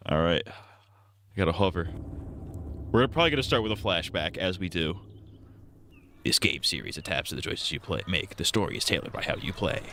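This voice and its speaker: Dude streamer riffing on a story game, deepish voice, crude and jokey. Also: male voice, a bit bright. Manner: crude joking, laughing often. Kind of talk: casual live game commentary.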